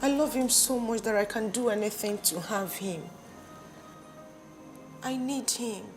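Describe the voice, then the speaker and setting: A woman's voice: a little high, a little slow, faint music behind, lightly acted. An actress with a Nigerian accent playing an obsessed young woman who answers back sharply. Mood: confessing. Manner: defiant and sharp.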